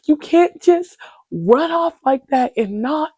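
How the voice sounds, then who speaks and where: A woman voicing her worried young female friend, pleading urgently in a higher voice. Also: animated, slow pace, a little mellow, dry recording.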